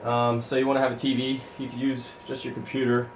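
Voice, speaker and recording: A man's voice: medium pitch, monotone, fast, hardly any pauses, a little hiss or hum. A man, out of breath, casually showing his home cycling trainer setup in a rambling, easygoing way with lots of ums. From Florida, US. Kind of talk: casual product demo. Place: home room with carpet, overhead fan. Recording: echoey room, voice from off-mic.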